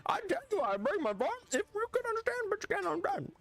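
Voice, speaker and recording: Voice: extremely high pitch, wildly swooping pitch, fast, creaky, pitched above the performer's own voice, exaggerated voice. A streamer putting on a goofy mock Swedish cook character, talking through puffed lips in a babbling comic accent that is hard to understand.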